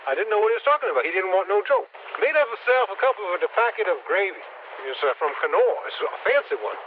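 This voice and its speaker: A man's voice: big pitch swings, fast talker. An actor playing a cheerfully clueless backwoods man who rambles in rural grammar and whoops between sentences. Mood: rambling. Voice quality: high squeaky voice with folksy "whoop" exclamations. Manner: rambling rural grammar, says "ain't" and "yonder". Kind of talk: improvised comedy character. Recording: tinny phone-like audio with faint hiss.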